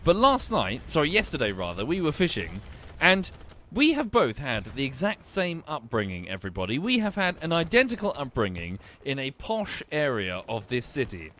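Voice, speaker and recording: A man's voice: medium pitch, wildly swooping pitch, moderate pace, hardly any pauses, pushed and bright, a little hiss or hum. A young man with a well-spoken southern English accent, chatting casually and thinking aloud as he streams a game and thanks viewers. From England. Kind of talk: live gameplay commentary and chat.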